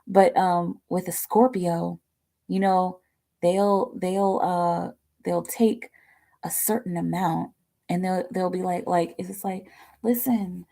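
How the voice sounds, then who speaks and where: Gravelly, low-voiced chatty woman. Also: flat delivery, slow pace, mellow. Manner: chatty, rambling, peppered with fillers and casual swearing. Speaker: tarot reader hosting a live stream. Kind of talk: casual livestream chat.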